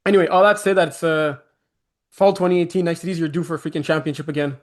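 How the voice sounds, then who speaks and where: A man's voice: fairly high pitch, steady tone, racing. A man co-hosting a casual chat about a recreational football league, teasing and laughing often. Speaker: co-host.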